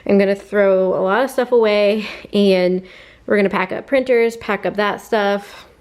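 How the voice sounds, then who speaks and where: A woman's voice: mid-range voice, fairly even intonation, normal speed, darkish tone. A woman talking casually in a vlog, heartfelt and rambling with lots of fillers, while packing up her home office. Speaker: vlogger and sticker shop owner. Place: apartment home office being packed up.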